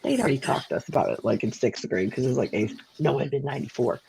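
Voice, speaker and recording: A woman in her forties in casual chat, telling personal stories in an animated way, filling her speech with "like" and acting out dialogue. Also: extremely low pitch, very fast, creaky, a little hiss or hum, low-quality recording. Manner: animated, many "like"s, acts out quoted dialogue. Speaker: co-host.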